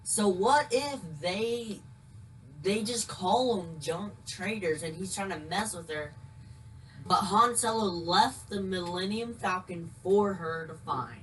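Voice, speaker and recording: A woman's voice: mid-range voice, slow pace, fairly bright tone, slight background noise, low-quality recording. A woman in a casual movie chat, hesitant, trailing off as she searches for words.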